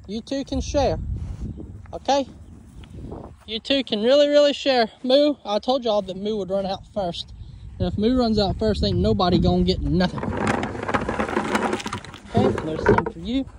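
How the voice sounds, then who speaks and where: A man's voice: high voice, moderate pace, long pauses, darkish tone, a little hiss or hum. A man, a homesteader chatting casually in a vlog, coaxing and fondly talking to his animals. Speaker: homesteader vlogger. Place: outdoor pasture.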